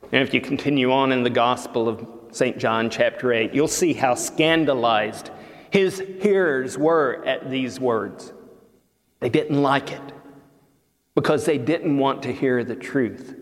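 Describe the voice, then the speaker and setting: A man preaching a sermon as pastor, slow and emphatic, leaning hard on key words. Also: fairly high pitch, long reverb tail. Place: church sanctuary.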